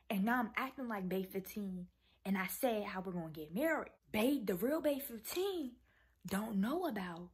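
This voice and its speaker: A teenage girl vlogging to her viewers, animated and exasperated, scolding her younger sister. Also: mid-range voice, breathy edge. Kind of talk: casual vlog talk to viewers.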